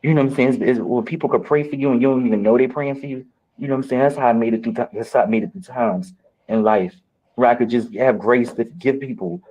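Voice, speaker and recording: Fast-talking, animated husky man. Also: muffled recording. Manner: fast, animated, profane storytelling with big pitch swings. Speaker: reality show cast member. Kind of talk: candid casual chat.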